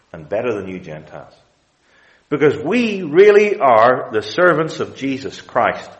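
A man preaching a sermon, expounding scripture with deliberate emphasis and quoting King James wording. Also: medium pitch, low-quality recording.

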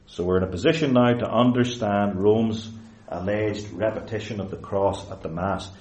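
A man's voice: lowish voice, a little mellow, highs cut off. Emphatic man preaching in an echoey hall. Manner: emphatic, deliberate, stretches key words, self-correcting. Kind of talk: theological lecture-sermon.

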